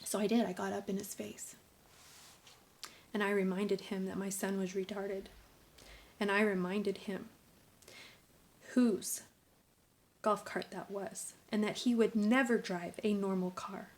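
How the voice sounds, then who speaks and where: A middle-aged woman speaking in an earnest, preachy vlog monologue. Her voice is mid-pitched, and she often sinks into a hushed whisper for emphasis before pushing back up to full voice. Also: level tone, measured pace, pauses often. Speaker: vlogger, mother. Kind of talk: emotional personal vlog monologue.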